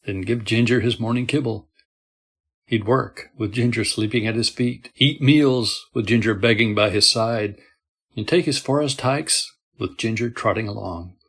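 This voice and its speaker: A man reading a horror story aloud in a steady, measured storytelling manner. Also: lowish voice, slightly rough. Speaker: story narrator. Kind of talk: scripted horror narration.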